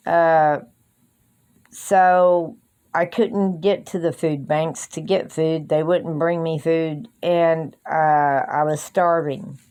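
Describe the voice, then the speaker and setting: A woman vlogging at home on her phone, rambling and talking up to her cats in a high coaxing voice. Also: a little mellow, smooth. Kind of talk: casual chat to camera. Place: small room in a trailer at home.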